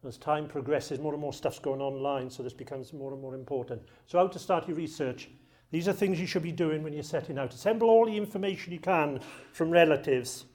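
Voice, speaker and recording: A man's voice: fairly high pitch, fairly quick, a little mellow. A man with a British accent giving a lecture to an audience in a jokey, chatty way. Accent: British English. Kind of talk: public talk to an audience.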